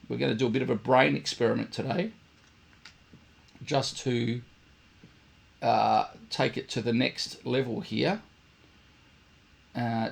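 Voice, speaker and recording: In a casual video lesson, a man teaches trumpet, repeating his points and vocalizing buzzing sounds to demonstrate. His mid-range voice is gravelly with a breathy edge.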